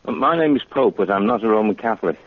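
A man heard over a thin, tinny phone line, his voice a little husky. He sounds puzzled and indignant, swinging his pitch widely as he objects. The line is dry and close. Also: lively intonation, fast, dry recording. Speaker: prank call target. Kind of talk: phone conversation.

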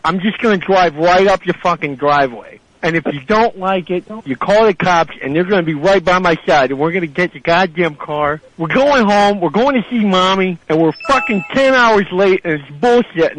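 Brief: man playing a high-voiced, crude, boastful hothead on a prank call. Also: a bit bright, no echo, rough recording. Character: belligerent brash man demanding his car back.

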